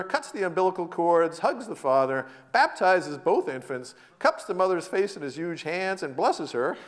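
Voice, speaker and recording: An American man giving a storytelling lecture in a hall, animated, laughing often and shouting out quoted lines. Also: high voice. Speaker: guest lecturer.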